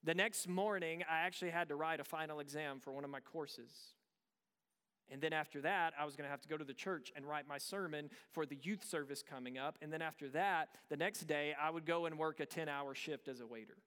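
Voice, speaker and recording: A man's voice: fairly high pitch, fairly even intonation, a little fast, a bit bright, clean tone, in a large hall. A pastor in his thirties preaching a sermon, telling a personal story in a conversational way with rhetorical questions. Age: 30s.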